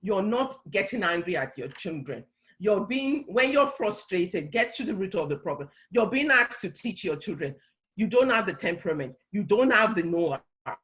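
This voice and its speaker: A woman's voice: medium pitch, fairly bright tone, poor audio. A middle-aged woman speaking on a church talk panel, earnestly explaining and often restarting her phrases. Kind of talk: conversational teaching talk.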